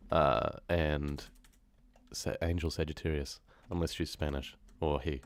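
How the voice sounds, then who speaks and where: A man's voice: rumbling low, fairly even intonation, a little slow, dry recording. A young man with a New Zealand accent, chatting casually and slangily with his live-stream viewers between horror story readings, often laughing.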